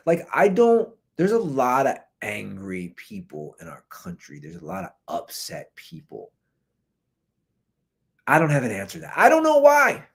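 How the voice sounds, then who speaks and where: A man's voice: mid-range voice, slightly rough. A man in his thirties hosting his own podcast, ranting casually about a viral video and often saying "dude" and "man". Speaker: podcast host. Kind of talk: ranting commentary. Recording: recorded through a computer mic.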